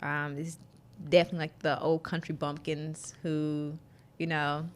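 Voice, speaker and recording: A young woman with a Southern drawl, chatting as an interview guest and telling stories in a lively way. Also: sits low, a little slow. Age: young adult. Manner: animated storytelling, Southern drawl. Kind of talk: casual interview chat.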